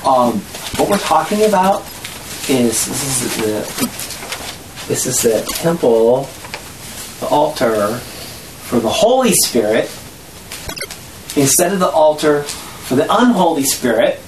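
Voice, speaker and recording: Lively spiritual teacher leading a group lesson, laughs a lot, acts out voices, roomy echo, steady hiss behind. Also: mid-range voice, takes it slowly, long pauses.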